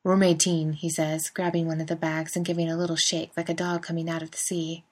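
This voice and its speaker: Woman reading a story in a slightly low voice. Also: monotone, fast talker. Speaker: reader. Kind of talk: fan fiction audiobook reading.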